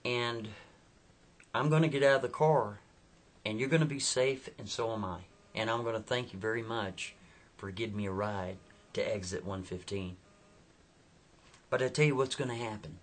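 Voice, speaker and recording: A man voicing a calm, mysterious male hitchhiker who speaks matter-of-factly, in a slightly husky voice. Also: lowish voice, moderate pace, pauses often, close to an everyday voice. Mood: ominous. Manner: calm, matter-of-fact foretelling.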